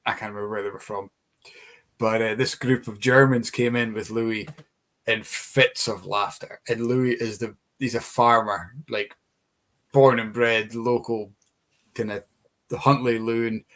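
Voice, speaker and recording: A man's voice: lowish voice, fairly even intonation, unhurried, fairly bright tone. A man, co-hosting a live chat and telling a rambling story full of restarts. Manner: rambling, with many fillers and restarts. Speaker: co-host, tour guide.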